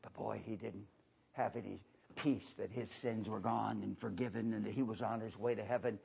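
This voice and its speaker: A man preaching a revival sermon who swings between fervent shouted highs and low, hushed passages. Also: fairly even intonation, moderate pace, vocal fry, slightly rough.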